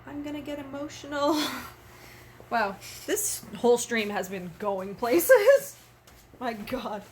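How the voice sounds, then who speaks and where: A woman's voice: fairly high pitch, animated, takes it slowly, slight background noise. Giggly, rambling woman streamer. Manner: rambling, giggly and openly emotional. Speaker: live streamer. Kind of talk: candid casual livestream chat.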